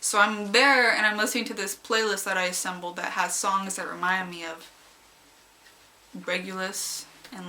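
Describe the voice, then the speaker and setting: Reviewing a fanfic she adored, a giggly young woman chatters on in a loose, rambling way, her voice leaping into squeals whenever she reenacts how she reacted. A faint hiss or hum runs underneath.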